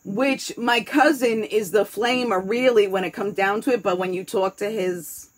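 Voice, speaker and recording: A woman's voice: mid-range voice, moderate pace, low-quality recording. A woman with a New York accent chatting casually, candid and rambling, swearing freely as she talks. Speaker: host. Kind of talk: casual chat.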